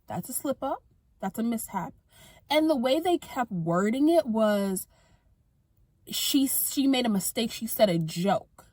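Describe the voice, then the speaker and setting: A young woman vlogging in a casual, exasperated rant, tossing in quick asides as she talks to her viewers. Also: fairly high pitch, lively intonation, a little mellow, no room sound. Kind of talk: casual ranting monologue to camera.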